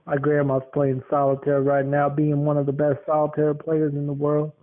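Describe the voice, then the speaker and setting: A man's voice: fairly high pitch, monotone, moderate pace. A man in his twenties hosting a podcast, telling stories in a rambling, chuckling way. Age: 20s. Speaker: podcast host. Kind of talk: casual rambling monologue. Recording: tinny phone-like lo-fi sound.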